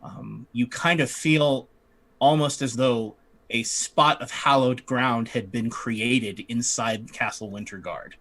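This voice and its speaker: A man narrating as dungeon master, relaxed and halting with fillers. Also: medium pitch. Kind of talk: narrating a tabletop game.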